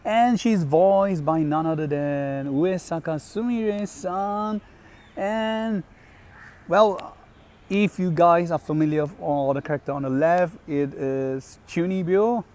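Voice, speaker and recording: A male gaming host talks casually about a game character. His voice sits a little high for a man, and he speaks slowly. He often stops to correct himself and fills gaps with "um" and "like". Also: darkish tone. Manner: halting, with many fillers and self-corrections. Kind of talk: casual commentary on game voice lines.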